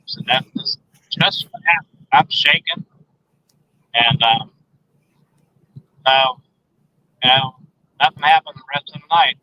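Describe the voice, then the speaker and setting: A man, a guest on a phone interview, recounting an encounter in a halting, emphatic way with repeated words. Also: medium pitch, no echo. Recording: dull lo-fi phone line.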